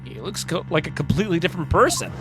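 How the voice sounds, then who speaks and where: A man's voice: on the high side, sing-song, quick pace, music in the background. A male streamer giving casual commentary while he plays a game, joking at his own expense and swearing now and then. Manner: joking and self-deprecating, swears and laughs.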